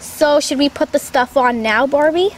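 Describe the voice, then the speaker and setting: A woman's voice: high voice, normal speed, a little hiss or hum. A woman doing playful doll role-play for children, voicing a mom doll in a bubbly, giggly, sing-song way.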